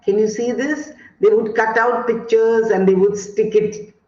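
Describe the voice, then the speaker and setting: A woman's voice: a little high, steady tone, mellow. A woman from India with an Indian English accent, giving an online teacher training talk and telling classroom stories with many fillers. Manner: slow, storytelling, many fillers. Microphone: video call. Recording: echoey dull video call audio.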